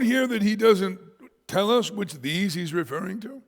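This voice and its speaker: Gravelly, animated American pastor in a hall. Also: male voice, high voice, normal speed. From United States. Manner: animated storyteller, shouts words for emphasis, self-deprecating humor. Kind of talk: expository sermon. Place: church sanctuary. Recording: church hall reverb.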